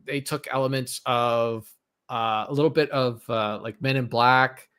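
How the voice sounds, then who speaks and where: A man co-hosting a podcast, talking casually about movies in a halting, rambling way with many restarts. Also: medium pitch, fairly even intonation, a bit bright, smooth. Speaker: podcast co-host.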